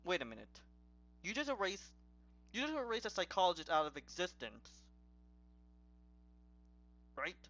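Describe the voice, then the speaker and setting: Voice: mid-range voice, big pitch swings, moderate pace, pauses often, fairly bright tone. A player in a tabletop game who speaks in a hesitant, rambling way. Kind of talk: casual role-play. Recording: dull lo-fi mic with faint hum.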